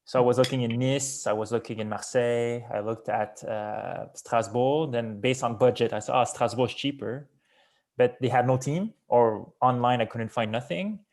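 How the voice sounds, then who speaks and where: A man's voice: mid-range voice, normal speed, few pauses, darkish tone. Chatty man on a call. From Canada. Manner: rambling, filler-heavy storytelling with chuckles. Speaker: guest swimmer. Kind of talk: casual conversation.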